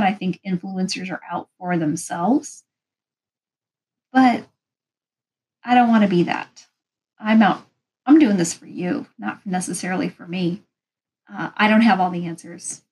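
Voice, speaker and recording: A woman's voice: medium pitch, darkish tone, low-quality recording. A woman vlogger giving casual advice, talking frankly and rambling a little. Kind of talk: casual advice talk to camera.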